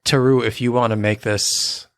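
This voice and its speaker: A man co-hosting a casual podcast, joking around and slowing down for announcements. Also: medium pitch, steady tone, no echo. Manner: playful, jokey, slows down for announcements. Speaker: podcast co-host. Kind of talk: casual chat.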